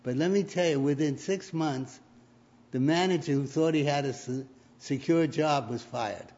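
A man's voice: on the high side, normal speed, darkish tone. A man preaching a sermon, telling stories and rising to emphatic peaks. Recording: dull lo-fi recording.

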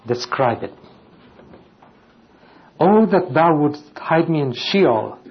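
Preaching man on a dull, lo-fi recording. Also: mid-range voice. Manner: reads scripture aloud and poses rhetorical questions. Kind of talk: sermon.

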